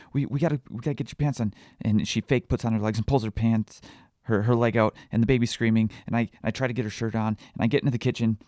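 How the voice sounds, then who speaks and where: A man in his thirties talks on his own in a confessional podcast monologue. His voice sits fairly low, and the recording is close and dry. He speaks candidly and reflectively, halting often with fillers and restarts. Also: dry recording. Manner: quietly emotional, reflective. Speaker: parenting podcast host.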